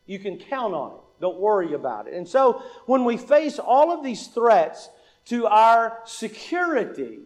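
A man with a high voice delivers a sermon and puts question after question to the congregation before answering them himself. He leans on repetition to drive a point home and acts out the dialogue in his stories. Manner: repeats lines for emphasis; acts out quoted dialogue in an anecdote. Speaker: preacher.

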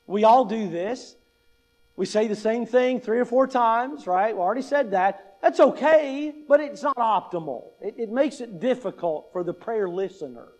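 Extremely high in pitch and darkish in tone, this man speaks at a moderate pace. He's a pastor in his fifties giving a conversational teaching talk on public speaking, regularly asking "right?" and adding wry humor.

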